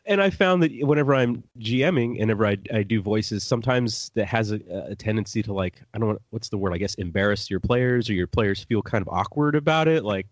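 A man hosting a casual podcast chat in a fairly low voice, recorded very dry and close. He rambles through his stories, swears freely and often laughs at his own jokes. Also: expressive, fast, hardly any pauses, dry recording. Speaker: podcast host.

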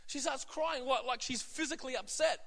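A man's voice: extremely high pitch, fairly quick, pushed and bright. A man in his thirties preaching a sermon as pastor, conversational with frequent fillers and asides. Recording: long hall reverb.

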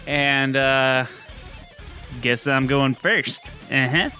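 A man's voice: medium pitch, very slow, pushed and bright, soft background music. A man co-hosting a casual podcast, rambling and swearing with lots of fillers. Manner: rambling, profane, with frequent fillers and laughs. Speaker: podcast co-host.

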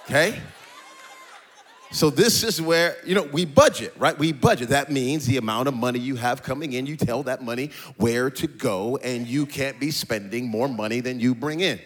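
A male pastor preaching a sermon in a sing-song cadence, building to shouts and breaking into jokey asides with laughter. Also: mid-range voice, normal speed. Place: church stage.

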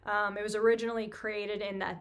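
A woman's voice: mid-range voice, level tone, brisk. A woman, hosting a podcast and casually telling a story about her career, chatty and self-deprecating with lots of fillers. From New York. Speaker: podcast host, physical therapist.

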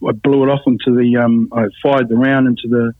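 This time his voice sits in the mid range, level in tone and a little fast. As an interviewee, he bluntly recounts his own life in plain terms, and the dry recording has a thin, telephone-like quality.

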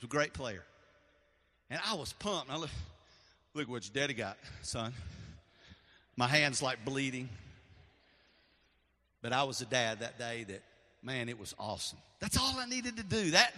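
A middle-aged man preaching a sermon, telling a personal story with strong emotion and swinging between loud and soft. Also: a little high. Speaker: pastor. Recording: echoey hall.

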